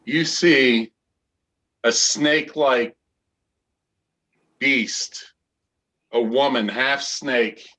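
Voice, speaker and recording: Slow-paced male game master. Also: medium pitch, pushed and bright. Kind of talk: narrating a tabletop game.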